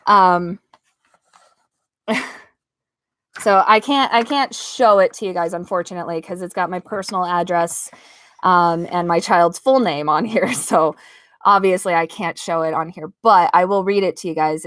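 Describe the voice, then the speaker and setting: A woman's voice: fairly low pitch, normal speed, fairly bright tone, no echo, studio quality. A woman in her thirties chatting casually with viewers on a home livestream, emotional and gushing, laughing often and choking up with pride. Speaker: livestreaming vlogger, parent. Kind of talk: casual live-stream chat with viewers.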